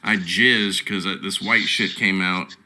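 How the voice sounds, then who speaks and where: A man's voice: deep voice, steady tone, measured pace, pushed and bright. A man co-hosting a call-in podcast, telling crude stories and joking casually with callers. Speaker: podcast co-host.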